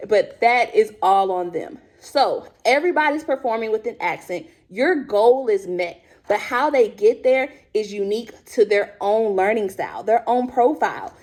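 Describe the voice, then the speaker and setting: A woman who teaches high school drama, presenting teaching tips to other teachers in a lively, chatty and direct way.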